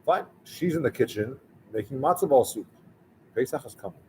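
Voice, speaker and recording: A man's voice: mid-range voice, lively intonation, moderate pace, a little mellow, a little hiss or hum, rough recording. Man telling a story as a rabbi. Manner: conversational, acts out the dialogue of the people in his story. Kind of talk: storytelling sermon.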